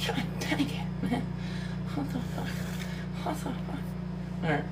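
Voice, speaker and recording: Slow, lively, swearing woman commentator. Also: a little high, very noisy. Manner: profane, exclamatory, mocking; laughs often. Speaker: book commentator. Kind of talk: casual reaction commentary.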